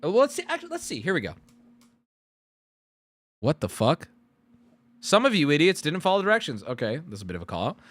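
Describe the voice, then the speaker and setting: A man streaming live, reading out survey results in loud, profane, sarcastic casual commentary. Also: fairly high pitch, wildly swooping pitch, a little fast, pauses often, no room sound.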